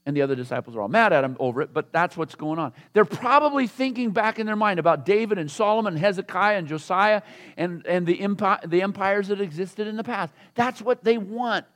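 High-voiced preacher telling the story. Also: male voice, animated, brisk, a bit bright. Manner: conversational storytelling preacher, acting out quoted voices. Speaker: pastor. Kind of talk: sermon.

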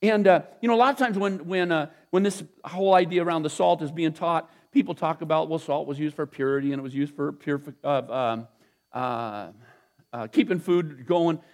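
Man, pastor, sermon, fairly high voice, chatty, rambling. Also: fairly quick, darkish tone. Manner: conversational, rambling with restarts and asides. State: tired after a short night.

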